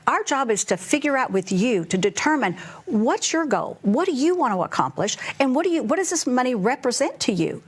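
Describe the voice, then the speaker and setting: A middle-aged woman who works as a financial advisor chats casually in a high, husky voice at a brisk clip. She's an animated storyteller, acting out her conversations with clients.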